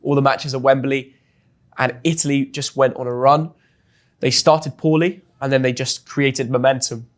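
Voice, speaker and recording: A young man from England with an English accent, telling a story as a guest in an interview with lively, chatty energy and frequent restarts. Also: mid-range voice, moderate pace. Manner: chatty and animated, often restarts words. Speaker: guest, football influencer.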